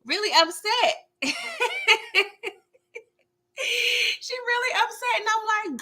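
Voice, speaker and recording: A woman's voice: very high-pitched, slow, long pauses. A woman hosting a casual live recap, talking animatedly to her viewers and often laughing as she goes. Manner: animated, chatty, talks straight to viewers. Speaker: host of a live show recap.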